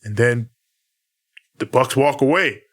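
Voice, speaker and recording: A man's voice: medium pitch, slow. A man co-hosting a casual wrestling recap podcast, swearing and laughing often as he retells the week's shows. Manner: laughs often, profane and relaxed. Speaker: podcast co-host.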